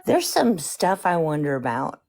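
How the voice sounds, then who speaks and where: Woman on a live stream talking real slow, kinda suspicious, thinking out loud. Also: sits low, very animated, creaky. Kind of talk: casual chat.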